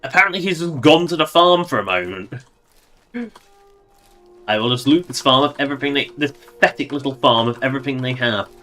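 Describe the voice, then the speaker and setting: A man's voice: mid-range voice, brisk, bright, forceful tone, faint music behind. A man casually commenting on a game he plays on a livestream, wry and chatty, laughing at his own jokes.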